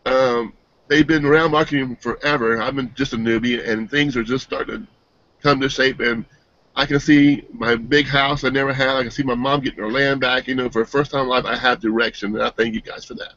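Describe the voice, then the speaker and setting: A man giving an earnest, emotional personal testimonial, halting and restarting as he speaks. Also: medium pitch, fairly even intonation, a bit bright, dry recording. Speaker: team member giving a testimonial. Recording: dull, dry lo-fi sound.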